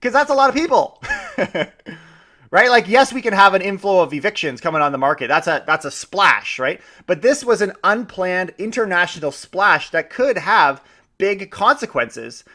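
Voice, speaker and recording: A man's voice: sits high, very animated, normal speed, bright, forceful tone. A man hosting a podcast, talking in a chatty, enthusiastic way with frequent restarts. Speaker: podcast host. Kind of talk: casual podcast commentary.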